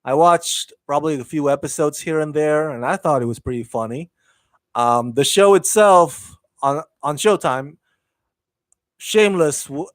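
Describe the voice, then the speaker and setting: A man's voice: fairly high pitch, dry recording. A man hosting a live entertainment news stream, chatting casually and reading out viewer comments with enthusiastic, rambling asides and many fillers.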